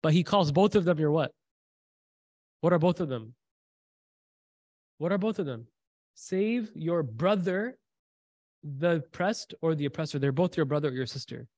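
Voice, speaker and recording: A man's voice: on the high side, moderate pace, pauses often, a little mellow, no room sound. A man giving a sermon, retelling a story with quoted dialogue and repeated lines for emphasis. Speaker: preacher.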